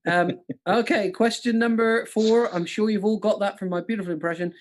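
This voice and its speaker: Against crowd noise, a quiz host with a high-pitched, steady voice talks fairly quickly through a live-streamed show full of jokey impressions. He's playful and self-deprecating, often cracking himself up, using a studio mic with monitors.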